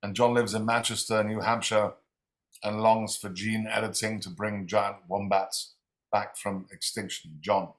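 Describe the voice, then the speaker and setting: A man's voice: fairly low pitch, level tone, unhurried. A man hosting a livestream reading series, introducing readers in a friendly, slightly scattered way. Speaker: host.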